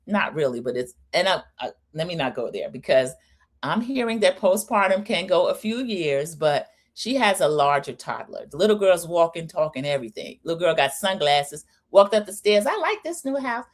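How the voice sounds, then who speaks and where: Woman host, middle-aged, lowish voice, gossipy and scolding in a live recap. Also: expressive, moderate pace. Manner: chatty, scolding, addresses viewers as y'all. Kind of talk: live opinion recap, casual chat.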